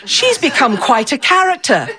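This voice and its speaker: A woman's voice: sits high, huge pitch swings, moderate pace, crowd noise, pitched above the performer's own voice. A woman doing cooing little old ladies. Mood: admiring. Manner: cooing, gushing. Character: chorus of delighted little old ladies at ringside.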